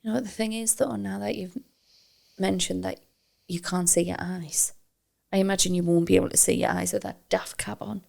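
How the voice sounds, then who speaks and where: Woman podcast co-host, tired, playful, gravelly fry in her voice. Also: fairly low pitch, flat delivery, normal speed, a little mellow. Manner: playful, laughs often, stumbles when reading aloud. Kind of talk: casual chat.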